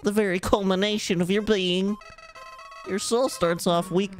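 A man's voice: sits high, fairly even intonation, a little slow, faint music behind, voice pushed up. A man putting on a sly two-faced flower.

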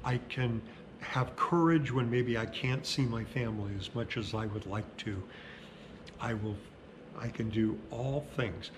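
A middle-aged male pastor who preaches in a conversational, storytelling way and slows down for emphasis. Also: medium pitch, slight background noise. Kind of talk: sermon.

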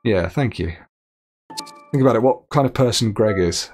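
A man's voice: on the low side, animated, normal speed, darkish tone. A man streaming a game live, chatting, reading viewer messages aloud and laughing often.

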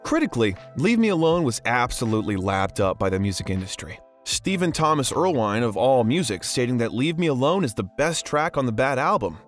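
Guy doing a polished documentary voiceover, voice swings up and down a lot, soft music underneath. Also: medium pitch, very animated, fairly quick. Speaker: documentary narrator. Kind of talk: scripted documentary narration.

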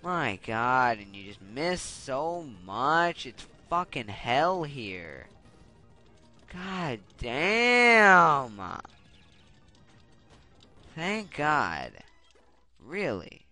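A man's voice: mid-range voice, sing-song, very slow, pushed and bright. A young man giving casual gameplay commentary, getting frustrated and swearing as he rants. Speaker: Let's Play commentator. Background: game music.

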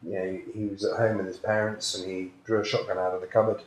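A man's voice: lowish voice, level tone, fast talker. A British man, a psychic healer, earnestly and emotionally telling a personal story in an interview. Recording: very echoey room, faint ambience.

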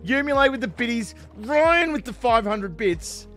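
A man streaming a Minecraft speedrun, chatting casually with his co-host and chat, excitable and quick to laugh. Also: extremely high pitch. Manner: excitable, yelps and laughs at in-game scares. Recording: faint music behind.

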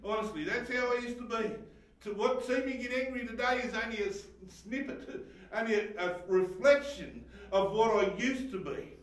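A man preaching a personal sermon testimony, emotional and swinging between shouting and hushed talk, laughing often. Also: extremely high pitch, moderate pace. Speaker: pastor. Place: church hall. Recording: echoey hall, voice heard from a distance.

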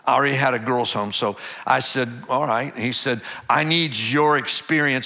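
An older man, a pastor, telling a lively personal story and acting out the dialogue with laughs. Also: mid-range voice, normal speed, few pauses. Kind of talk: storytelling testimony.

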